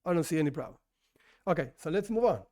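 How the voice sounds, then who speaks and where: A rabbi teaching an informal religious class, talking conversationally with rhetorical questions and frequent restarts, as a non-native English speaker. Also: male voice, on the high side, lively intonation, fast, warm tone. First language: not English.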